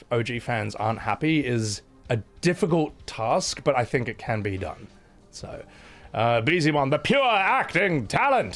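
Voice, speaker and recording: Sweary Scottish man on a live stream. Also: medium pitch. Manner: blunt and sweary, thanks viewers between rants. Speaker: livestreamer. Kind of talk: casual live-stream chat.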